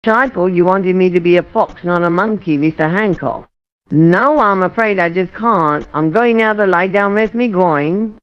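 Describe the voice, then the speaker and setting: A man voicing a lazy male runner in a fox costume, speaking in a droll, deadpan way in an AI-voiced comedy sketch. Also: high-pitched, moderate pace, smooth, muffled recording, lightly acted.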